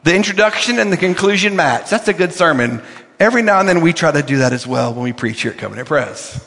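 An older man preaches from the pulpit, his voice sitting a little high for a man. He leans hard on key words and repeats them for effect. Long reverb from the sanctuary trails each phrase. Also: lively intonation, quick pace, creaky, a bit bright. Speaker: pastor. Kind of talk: sermon.

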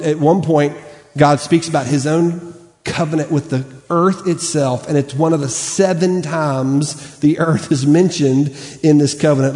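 A man's voice: mid-range voice, warm tone. A man preaching a sermon, emphatic and repetitive, reading scripture aloud between points. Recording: long reverb of a large hall.

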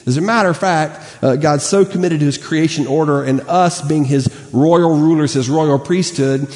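A man's voice: fairly high pitch, moderate pace, a little mellow. A man preaching a sermon, reading scripture aloud and then explaining it earnestly, stressing key words and correcting himself as he goes. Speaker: pastor. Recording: long reverb of a church hall.

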